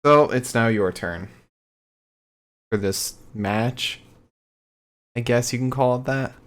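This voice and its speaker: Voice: mid-range voice, slow pace. A podcast co-host recapping wrestling in a laid-back, casual way.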